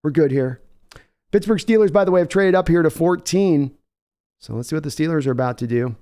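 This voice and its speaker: Casting: young male streamer, slightly high, smooth clear voice, rambling and self-deprecating, reads donations live. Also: a little fast, dark tone. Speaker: livestream host.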